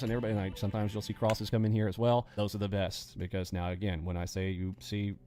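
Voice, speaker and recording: A fast-talking man leads a live trading lesson in a low, dark-toned voice. He gets animated and throws in sound effects as he explains. Faint music plays underneath. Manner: animated, acts out panicking traders with sound effects. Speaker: day trading instructor and host.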